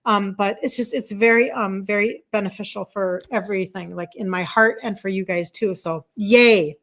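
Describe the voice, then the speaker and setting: A woman's voice: mid-range voice, normal speed, fairly bright tone. A woman in her sixties, a wellness coach chatting effusively with viewers on a live stream, rambling and laughing as she talks. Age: 60s. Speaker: wellness coach selling supplements.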